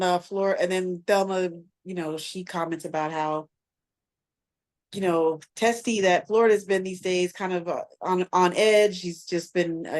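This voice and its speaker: A woman's voice: on the low side, a little mellow. A woman co-hosting a podcast, casually retelling a TV episode in a rambling way with lots of fillers and restarts. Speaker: podcast co-host. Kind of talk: casual recap chat.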